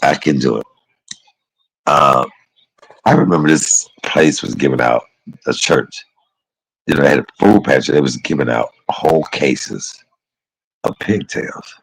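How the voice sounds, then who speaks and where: A man's voice: very deep voice, a little slow, gravelly, long pauses, husky, rough recording. A man chatting casually and rambling on a livestream, calling his viewers y'all and baby. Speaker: live streamer.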